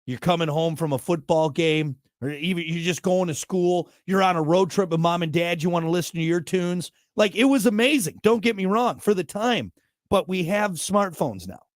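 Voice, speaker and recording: A man's voice: high-pitched, moderate pace, no echo, studio quality. A man hosting a talk show, delivering a blunt, worked-up monologue with jokey asides. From United States. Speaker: show host.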